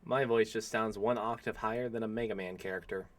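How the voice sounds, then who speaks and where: A man's voice: on the low side, steady tone, fairly quick. A man in his twenties bantering playfully in casual stream chat, trading mock threats with a friend. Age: 20s.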